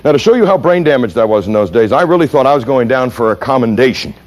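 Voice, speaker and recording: A fast-talking man with a mid-range voice, a U.S. police trainer, gives a lecture built around stories. His style is lively and punchy, and he keeps quizzing the people listening.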